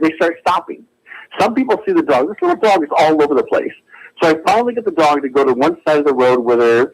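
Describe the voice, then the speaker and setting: Excitable male caller on a phone line. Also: fairly high pitch, slightly rough. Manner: excitable, acts out quotes. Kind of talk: animated phone-in storytelling. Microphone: telephone.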